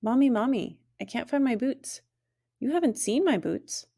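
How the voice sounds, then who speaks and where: A woman's voice: fairly high pitch, animated, normal speed, vocal fry, dark tone, voice pushed up. A woman reading the part of a young boy who keeps calling to his family that he cannot find his boots, in a storybook reading. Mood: pleading. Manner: plaintive, repeating calls to family.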